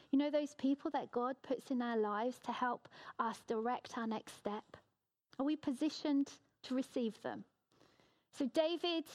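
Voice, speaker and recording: Earnest higher-voiced woman preaching. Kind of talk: sermon.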